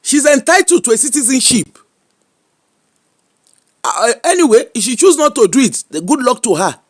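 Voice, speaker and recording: High-voiced Nigerian man giving emphatic advice. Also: expressive, normal speed, breathy edge. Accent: Nigerian, Yoruba-inflected. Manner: preachy and emphatic, mixing Pidgin and Yoruba, frequent laughs. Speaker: social media commentator. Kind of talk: animated casual commentary.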